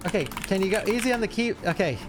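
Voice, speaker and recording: A man's voice: high-pitched, expressive, noisy background. A young man streaming, chatting casually through a reaction to a speedrun with lots of fillers. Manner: chatty, fast asides, frequent fillers.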